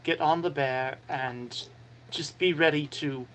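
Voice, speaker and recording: A man's voice: fairly high pitch, slow pace, fairly bright tone, a little hiss or hum, rough recording. Joking man playing a tabletop game. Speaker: player. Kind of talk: casual tabletop game chat.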